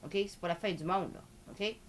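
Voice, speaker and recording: A woman from Canada with a Quebec French accent, hosting a live market commentary in an excitable way and peppering her talk with filler tags. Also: on the low side, fairly quick, slight background noise. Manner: excitable, switches between French and English, full of filler tags. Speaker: host.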